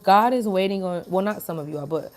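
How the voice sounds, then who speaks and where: A woman's voice: mid-range voice, fast, a little mellow. A woman giving a casual spiritual pep talk to her viewers, chatty and colloquial, calling them y'all. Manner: acts out voices in quoted dialogue. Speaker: spiritual message creator.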